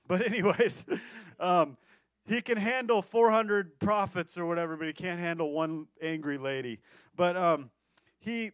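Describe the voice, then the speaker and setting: A man with a high voice preaches a sermon and tells his story with energy, stumbling over his words and pushing on. The sound is dry and close, with no room around it. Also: no echo. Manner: storytelling, animated, quick restarts and laughs. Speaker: pastor.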